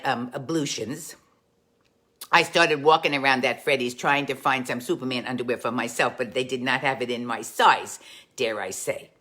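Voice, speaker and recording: A woman playing a warm, gossipy aunt who hosts a live stream, chatting to viewers and calling them dolls. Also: on the low side. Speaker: comic host. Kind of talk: live-stream storytelling in character.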